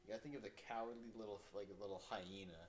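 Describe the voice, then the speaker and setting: A man's voice: on the low side, steady tone, a little hiss or hum. A man co-hosting a live reaction stream, talking bluntly and cursing. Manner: fast, blunt, profane. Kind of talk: casual reaction chat.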